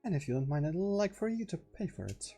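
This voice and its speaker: A man voicing a cold, formal young woman who speaks softly and holds back her anger. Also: fairly high pitch, lively intonation, fairly quick, slightly rough, faint music behind. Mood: icy. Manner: soft, icy, restrained, formal. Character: cold restrained shy young woman Yuri.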